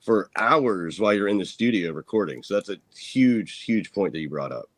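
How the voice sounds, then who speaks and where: Male podcast host, earnest and agreeable, lowish voice, dry close mic. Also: expressive, normal speed, dry recording. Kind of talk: casual podcast chat.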